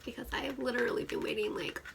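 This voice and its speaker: A woman's voice: mid-range voice, slow, very noisy. A woman in her thirties vlogging a beauty unboxing, gushing with squeals and dropping to whispered asides. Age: 30s. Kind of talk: excited unboxing chat.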